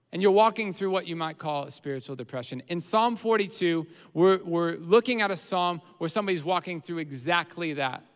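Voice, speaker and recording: Pastor, male, bright high voice, smooth and clear, earnest preaching style, reverberant church hall. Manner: earnest preaching, rises in volume on quoted prayers. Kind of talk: sermon.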